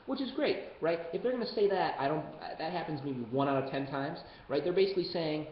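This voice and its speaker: A young man teaching debate strategy on a webcam, casual and joking, with quick asides. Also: fairly high pitch, lively intonation. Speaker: debate coach. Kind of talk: webcam lesson. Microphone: webcam mic. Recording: roomy, dull webcam audio, faint hiss.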